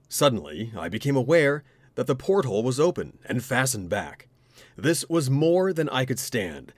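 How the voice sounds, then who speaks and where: A man narrating a ghost story in an expressive, dramatic reading. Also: mid-range voice, no echo.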